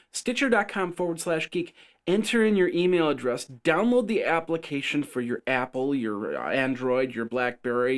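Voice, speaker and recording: Rambling, jokey male podcast host. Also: fairly high pitch. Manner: rambling, jokey, trips over words. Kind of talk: casual tech news chat.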